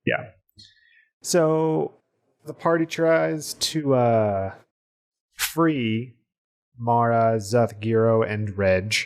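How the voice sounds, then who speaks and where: A man who is the game master of a podcast, recapping the last game session haltingly with many fillers. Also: medium pitch.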